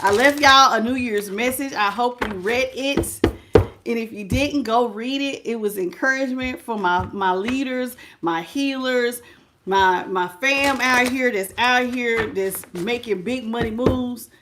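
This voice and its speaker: A woman's voice: a little high, measured pace, background noise. A middle-aged woman reading tarot on a livestream, chatting casually with viewers, greeting them by name and calling them baby. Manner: prayerful invocation. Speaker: tarot reader.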